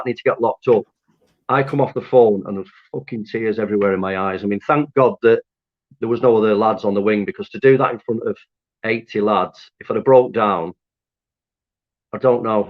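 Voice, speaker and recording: A man with a fairly low voice tells his story candidly and with animation. He swears freely and laughs at himself as he goes. The recording is dull and muffled. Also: a little fast. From Lancaster, North West England. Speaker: interview guest. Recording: dull lo-fi audio.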